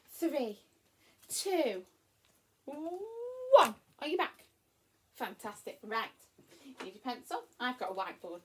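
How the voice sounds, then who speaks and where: A woman's voice: sits high, a bit bright. A woman teaching a phonics and reading lesson to young children, talking in a sing-song, encouraging way. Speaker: primary school teacher.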